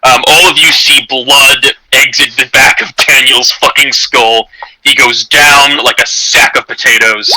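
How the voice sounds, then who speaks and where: A man's voice: medium pitch, fairly even intonation, unhurried, sharp tone, a little hiss or hum, poor audio. A man narrating a tabletop game as game master, in a loose, rambling way with many fillers.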